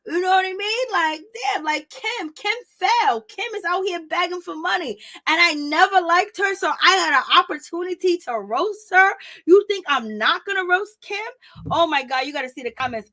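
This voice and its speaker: Woman, high voice, casual TV gossip commentary, blunt, sassy, trash-talking. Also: lively intonation, normal speed, pushed and bright. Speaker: YouTube commentator.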